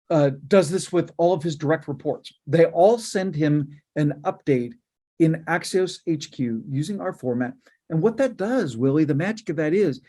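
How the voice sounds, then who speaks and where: Male interview guest, cofounder type, persuasive and emphatic, mellow slightly raised voice. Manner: emphatic, fast-flowing explaining with pitches. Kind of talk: interview answer.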